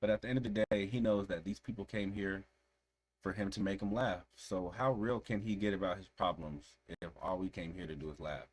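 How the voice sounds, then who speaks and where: A man's voice: low voice, brisk. A man hosting a reaction video, giving earnest, reflective commentary and repeating phrases for emphasis.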